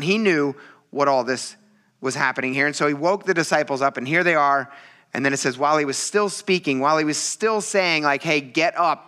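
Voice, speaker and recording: A man's voice: on the high side, pushed and bright. A man preaching a casual sermon in a chatty, teasing, self-mocking way. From military veteran. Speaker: pastor.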